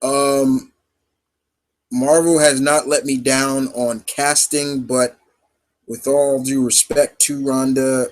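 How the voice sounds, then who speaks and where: A man's voice: mid-range voice, flat delivery, slow pace, poor audio. A man hosting a live question-and-answer stream in casual chat, rambling and full of fillers. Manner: rambling, heavy with fillers and restarts.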